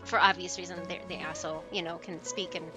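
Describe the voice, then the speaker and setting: With faint music behind her, a young adult woman streams a video game in a voice on the low side, steady in tone, a little fast, and sharp. Still, her casual let's-play chatter is giggly and gushing, with laughter coming often.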